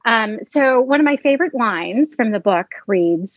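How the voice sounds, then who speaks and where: A woman's voice: on the high side, expressive, moderate pace, no echo, highs cut off. A woman guest on a chat show, recommending children's books with enthusiasm. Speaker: guest, board book author. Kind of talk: casual chat, book recommendations.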